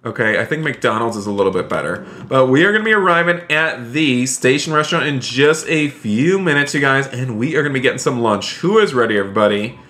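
A man's voice: medium pitch, expressive, fast talker, hardly any pauses, pushed and bright. A man live-streaming a role-play game, chatting upbeat to his viewers and thanking donors. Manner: upbeat, chatty, addresses chat often.

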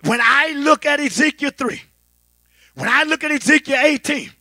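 Man, pastor, fervent preaching, high bright voice, close dry sound. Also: lively intonation, normal speed, no echo. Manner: fervent call-and-response preaching, builds to shouting. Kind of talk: sermon.

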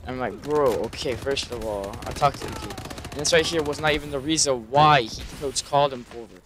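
Over background noise of video game gunfire, a young gaming YouTuber with a medium-pitched voice chats fairly quickly and aimlessly about his gameplay. He stays subdued, curses heavily, and leans on fillers.

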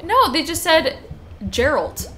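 Bright playful woman gaming. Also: fairly high pitch, animated, moderate pace, a little hiss or hum. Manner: playful, swears freely, laughs often. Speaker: co-host of a gaming channel. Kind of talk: casual let's-play commentary.

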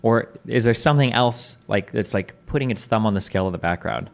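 A man's voice: fairly low pitch, fairly quick, gravelly. A man hosting a livestream in casual debate chat. He is restless, hedging and full of questions. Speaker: streamer host.

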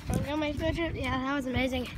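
Chatty high-voiced woman vlogging outside. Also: steady tone, racing. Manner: chatty, playful, jumps between loud and hushed. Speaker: vlogger filming. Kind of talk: casual chat walking outdoors. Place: outdoors on a street. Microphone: handheld camera. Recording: loud outdoor street noise, traffic. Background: traffic and street noise.

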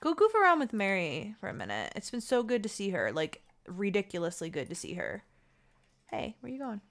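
A woman chatting her way through a life-sim game, her voice sitting at an ordinary middle pitch. She swings from nervous pleading to gushing delight as she plays. The delivery is loose and unscripted, like talking straight into a desktop mic. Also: brisk. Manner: excitable and chatty, pleading with the dice, cooing at characters. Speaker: gaming channel host. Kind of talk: casual let's-play commentary.

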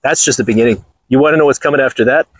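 Blunt, husky man ranting. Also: medium pitch, racing, no room sound, poor audio. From Los Angeles, USA. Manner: blunt, crude and mocking, laughs often. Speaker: channel host. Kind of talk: casual walking vlog rant. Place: outdoors on a golf course.

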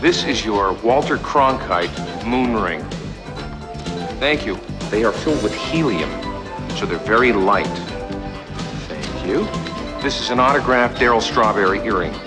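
An actor playing a friendly, talkative traveling salesman giving a smooth sales patter. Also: on the low side, expressive, measured pace, long pauses. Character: chatty, eager male traveling salesman. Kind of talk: comic film sales pitch. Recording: film audio with music bed.

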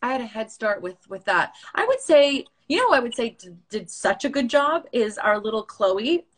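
A woman's voice: fairly high pitch, big pitch swings, moderate pace. A woman in her thirties hosting a casual Instagram live chat on her phone, chatty and rambling, laughing often. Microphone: phone livestream.

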